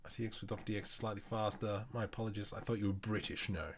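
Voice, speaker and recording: An Australian man live-streams his 3D work as a casual tutorial, chatting with viewers, thinking aloud, and muttering as he goes. His voice is lowish and flat, and he talks fast.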